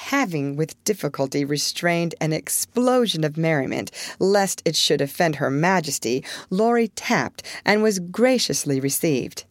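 A woman narrates a classic novel aloud in a steady, clear reading style. Her voice sits on the low side for a woman. The recording is dry and close, with no room sound. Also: measured pace, hardly any pauses, no echo. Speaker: audiobook reader. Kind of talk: scripted narration.

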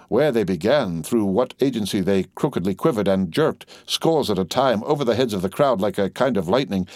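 A man's voice: lowish voice, a little mellow, dry recording, studio quality. A man narrating a classic novel aloud in an intense, rhythmic, building reading. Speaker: audiobook narrator. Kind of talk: dramatic literary reading.

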